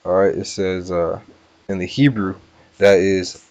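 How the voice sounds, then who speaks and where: With a deep, darkish, steady voice, a Bible teacher casually walks through scripture word by word, slowly sounding words out. He keeps repeating "all right" and "you know," and the recording has no echo.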